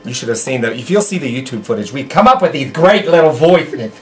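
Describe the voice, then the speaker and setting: A man's voice: mid-range voice, expressive, fairly quick, fairly bright tone, slight background noise. A man hosting a late-night radio talk show in a studio, rambling and joking casually on a studio mic.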